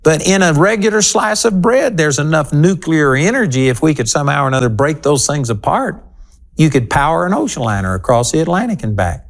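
A man's voice: on the high side, lively intonation, brisk. A man teaching the Bible on his broadcast program. He talks straight to his listeners, and his voice leaps up on key points. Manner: emphatic, talking straight to listeners.

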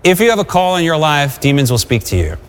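A man's voice: a little high, sing-song, fast talker, slight background noise. A man preaching a sermon, exhorting and calling on the congregation to answer him. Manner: exhorting, calls for congregation responses. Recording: long hall reverb.

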